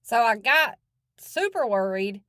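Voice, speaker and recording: A woman's voice: a little high, very animated, a little slow, pushed and bright, dry recording, clean studio sound. A woman hosting a true crime podcast, talking in a blunt, chatty and casual way with some cursing. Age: adult with children.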